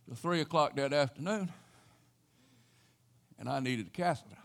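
An older man preaching a sermon, telling a personal story in a folksy way with sudden loud exclamations. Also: a little high, normal speed, vocal fry. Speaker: pastor.

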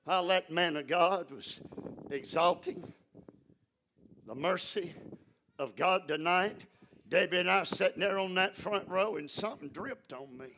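A man preaching a fervent sermon in a church, often rising into shouts. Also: high-pitched, unhurried, long pauses, a little hiss or hum.

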